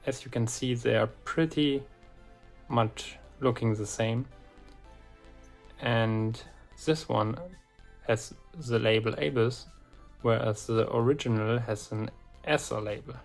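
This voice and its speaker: Guy walking through a lock, super slow and deliberate, lots of pauses, faint music in the back. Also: medium pitch, gravelly. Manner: slow and deliberate, pauses often between phrases. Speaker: lock picking hobbyist presenting a lock. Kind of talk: relaxed instructional walkthrough.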